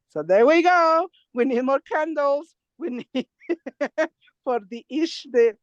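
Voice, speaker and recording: A woman, out of breath, calling in by phone from the mountains, laughing often and talking in halting bursts. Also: high voice, animated, dry recording. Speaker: nonprofit co-founder giving a remote update. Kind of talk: casual talk over a video call. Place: outdoors in the mountains. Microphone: phone on a video call. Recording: dull lo-fi video call audio.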